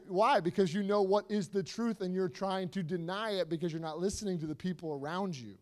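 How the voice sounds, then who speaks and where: A man preaching to a youth group, animated and repetitive, swinging between soft asides and loud emphasis with lots of rhetorical questions. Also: sits high, brisk. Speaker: youth speaker.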